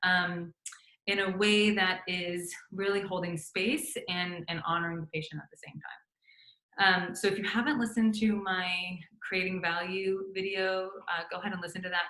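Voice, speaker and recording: A woman's voice: fairly low pitch, level tone, moderate pace, pushed and bright, reverberant, poor audio. A middle-aged woman physician giving casual instructional advice to other doctors, talking conversationally with frequent fillers and restarts and acting out sample phone lines. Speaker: physician coaching doctors on practice building.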